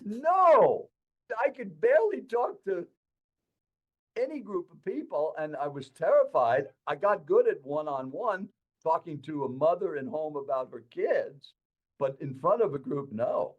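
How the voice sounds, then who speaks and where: A man in his eighties telling his life story to an interviewer in an animated, dramatic way. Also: on the high side, unhurried, dull audio. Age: 80s. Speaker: guest speaker.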